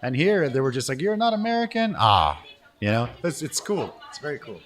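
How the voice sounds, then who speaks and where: A Canadian man hosting a casual interview, enthusiastic and quick to chime in with affirmations. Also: mid-range voice, sing-song, a bit bright. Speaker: podcast host.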